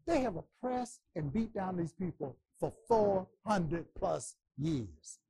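Impassioned, husky male preacher. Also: high-pitched, very animated, slow pace. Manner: impassioned, stammering repetitions, rising to shouts. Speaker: Bible class teacher. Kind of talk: preaching Bible lesson.

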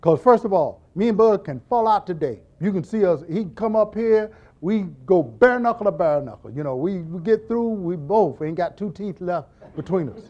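Middle-aged male deacon teaching Bible class, high and very expressive pitch, jokey and animated. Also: normal speed, lo-fi sound. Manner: animated, acts out scenes with quoted voices, jokes and laughs.

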